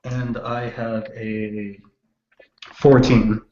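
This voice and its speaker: A man plays a tabletop game and describes what his character does in halting, hesitant bursts, often restarting. He sounds roomy and echoey, with a dull, muffled tone and faint noise underneath. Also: medium pitch, little pitch movement, a little mellow. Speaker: player.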